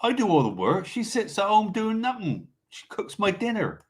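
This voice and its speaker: A man's voice: sits high, huge pitch swings, normal speed, pitched above the performer's own voice. Man putting on a brash Bristolian bloke. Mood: mocking. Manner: brash, swearing, boastful. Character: cocky boastful working bloke, male, adult.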